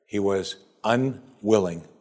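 A man preaching a sermon. He climbs to loud, high emphasis, then sinks to quiet, soft passages, and asks his listeners question after question. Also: slow. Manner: asks the congregation repeated rhetorical questions. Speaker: pastor.

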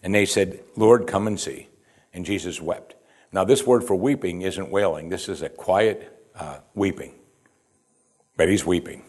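Low-voiced man preaching a Bible sermon. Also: measured pace, darkish tone. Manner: explanatory, rhetorical questions, frequent "you see". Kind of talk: sermon, verse-by-verse Bible teaching.

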